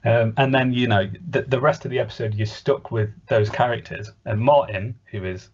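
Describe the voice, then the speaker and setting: A man's voice: mid-range voice, fairly even intonation, normal speed, slightly rough. A man co-hosting a podcast, chatting casually with a rambling, hesitant manner full of fillers. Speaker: podcast co-host. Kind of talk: casual chat reviewing a cartoon. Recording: dull lo-fi podcast audio.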